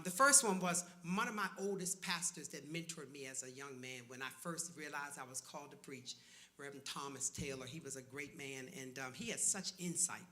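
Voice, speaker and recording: A man's voice: on the high side, bright, forceful tone. A man who is a pastor, telling stand-up stories in a church setting with punchy asides and calls to the audience. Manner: storytelling with punchy asides and audience call-outs. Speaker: pastor doing stand-up comedy. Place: church stage before a live audience.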